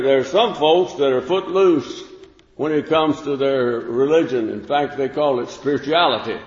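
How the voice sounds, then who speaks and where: A man preaching a sermon in a folksy, unhurried way, with fillers and restarts. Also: medium pitch, darkish tone. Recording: echoey room with long reverb, dull lo-fi sound.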